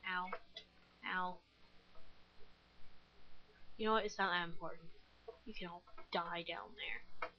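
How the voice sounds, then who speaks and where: A woman's voice: lowish voice, steady tone, slow pace, long pauses, muffled recording. A nineteen-year-old woman chatting casually while playing a game, rambling with many fillers and self-deprecating giggles. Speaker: gaming vlogger. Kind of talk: casual gameplay commentary.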